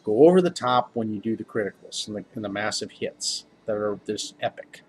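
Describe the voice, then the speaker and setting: A man's voice: lowish voice, animated, fairly quick, slight background noise. A tired man, a game master, giving casual tips to camera in a rambling, upbeat way. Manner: rambling, self-interrupting, upbeat.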